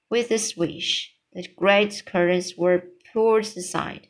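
A woman reading a children's book aloud, unhurried, with small restarts. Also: mid-range voice, steady tone, low-quality recording. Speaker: reader.

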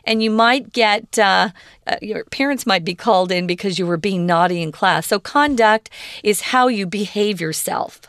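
A woman's voice: mid-range voice, normal speed, a bit bright, dry recording, studio quality. A woman who explains English words and grammar patiently, with the odd filler. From United States. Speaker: English teacher.

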